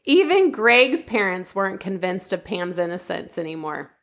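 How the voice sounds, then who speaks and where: A woman's voice: medium pitch, big pitch swings, moderate pace, fairly bright tone. A woman host telling a true-crime story in a casual, chatty way, often laughing and saying "like". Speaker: podcast host.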